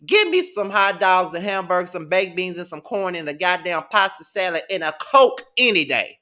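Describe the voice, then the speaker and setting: A man's voice: high-pitched, very animated, moderate pace, sharp tone. A man giving a casual rant as a commentator, sassy, profane and emphatic.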